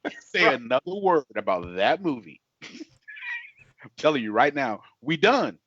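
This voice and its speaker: A man with a high, wildly swinging voice tells stories in a casual chat, throwing himself into exaggerated voices for the people he quotes. The sound is dry and slightly dull, like a lo-fi recording. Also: a little slow, breathy edge, no echo. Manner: animated storytelling, acts out quotes in exaggerated voices. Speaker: co-host.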